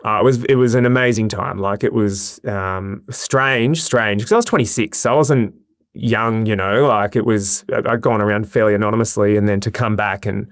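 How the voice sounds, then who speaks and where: An Australian man in his forties, a podcast guest, telling animated stories in casual chat. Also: fairly low pitch, normal speed, no room sound, studio quality. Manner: animated storyteller, lively anecdotes.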